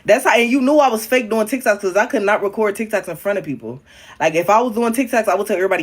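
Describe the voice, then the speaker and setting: A young man chatting casually on a livestream, frank and profane, calling viewers honey and babe, his voice jumping up and down in pitch and loudness. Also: quick pace. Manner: talks directly to viewers, calling them honey, babe and queen. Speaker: livestreaming social media creator.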